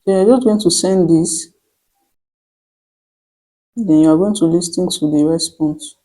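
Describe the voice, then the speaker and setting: Mellow tutorial voice-over host. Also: medium pitch, low-quality recording. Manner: step-by-step instructions with frequent restarts, slowing to dictate prompts. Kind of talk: screen-recorded tutorial voice-over.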